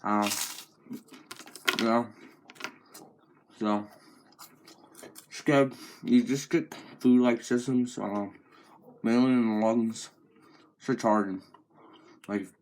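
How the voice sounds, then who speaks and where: A teenage boy in a crude, profane comedic rant to camera, with a mocking deadpan drawl. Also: mid-range voice, slow pace, long pauses. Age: teens. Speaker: vlogger.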